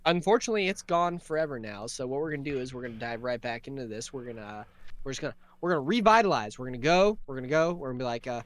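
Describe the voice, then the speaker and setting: A man co-hosts a paranormal podcast and rambles through jokes and profanity. His voice is smooth and clear, and the sound is dry and close with no room echo. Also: medium pitch, animated, very fast. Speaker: podcast co-host. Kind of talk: casual chat.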